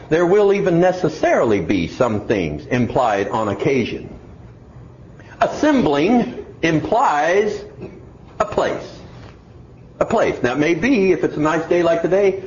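A man's voice: a little high, darkish tone, slight background noise. A man preaching a sermon, putting mock questions to himself and answering them. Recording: echoey, dull lo-fi room recording.

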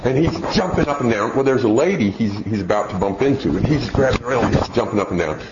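A man's voice: mid-range voice, lively intonation, fast talker. A man casually telling a folksy, rambling story about his children, chuckling as he goes. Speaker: father telling a family story. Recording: dull lo-fi recording with faint background hiss.

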